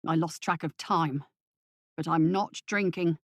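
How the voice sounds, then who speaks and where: A woman voicing a guilt-ridden working-class father and former drinker, gruff and defensive. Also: a little high, steady tone, measured pace, no room sound, clean studio sound, voice pushed down. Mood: remorseful.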